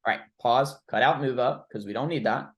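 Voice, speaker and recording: A man's voice: medium pitch, brisk, highs cut off. A man coaching a trainee through cold-call role-play, blunt and informal, with the odd swear word. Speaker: recruiting coach.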